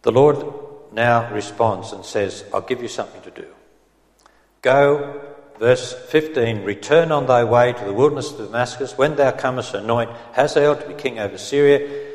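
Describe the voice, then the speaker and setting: A man preaching an expository sermon in a gentle, earnest manner, reading scripture aloud in old English. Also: medium pitch, normal speed. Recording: roomy hall with long reverb.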